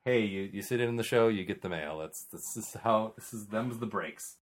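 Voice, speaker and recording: A man's voice: lowish voice, moderate pace, a little hiss or hum. A man hosting a podcast in casual chat, rambling and stumbling as he reads listener mail. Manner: rambling, stumbling over words. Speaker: podcast host.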